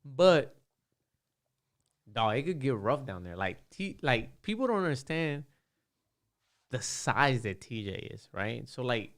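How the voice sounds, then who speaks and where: Podcast guest, man, mid-pitched voice, relaxed and slangy in casual chat. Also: a little slow, pauses often. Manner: laid-back, slangy, chimes in with "yeah".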